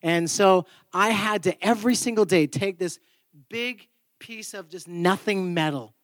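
A man preaching a sermon in church, telling a story with humor and sudden jumps in pitch and volume. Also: unhurried, a bit bright, no room sound, clean studio sound.

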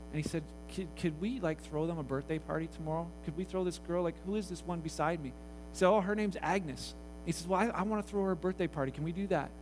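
A pastor telling a story in a sermon, acting out the voices of the people in it. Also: male voice, high voice, slight background noise, rough recording. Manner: animated, acts out voices in the story.

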